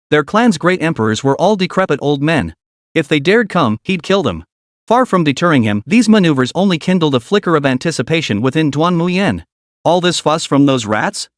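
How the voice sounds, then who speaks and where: A man narrating a fantasy story in steady scripted narration. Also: moderate pace, no room sound, studio quality. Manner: steady storytelling with animated pitch.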